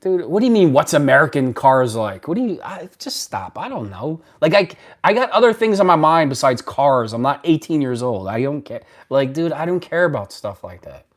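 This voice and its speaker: Responding to viewer comments on his laid-back live stream, this man is blunt and rambling, frequently starting sentences over. He speaks at a normal speed in a high-leaning, sing-song voice with hardly any pauses.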